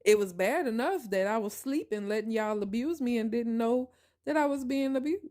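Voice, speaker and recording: A woman hosting a podcast, telling a personal story in an emphatic, animated way and talking straight to her listeners. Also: a little high, normal speed. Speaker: podcast host.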